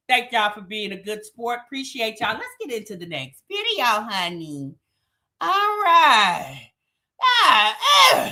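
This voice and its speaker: Bright high-pitched woman livestream host. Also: very animated, unhurried. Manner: auctioneer-style chanting of numbers. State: out of breath. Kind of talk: casual livestream chat.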